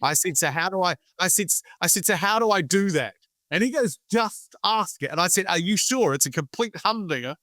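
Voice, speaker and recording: A man's voice: high-pitched, lively intonation, fast talker, bright, forceful tone, no room sound. A man from the UK, a sales trainer telling blunt anecdotes in a podcast conversation and acting out the dialogue.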